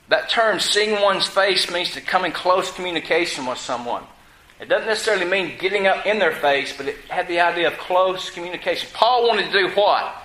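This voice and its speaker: Man, pastor, high bright voice, preaching, quizzing the congregation, echoey room. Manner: asks the congregation questions and answers them. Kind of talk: sermon.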